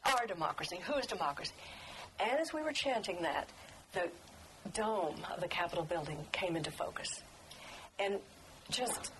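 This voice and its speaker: An older woman, a book author, telling stories at a talk in a lively, laughing way. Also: lowish voice, a little hiss or hum, low-quality recording. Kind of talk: storytelling talk.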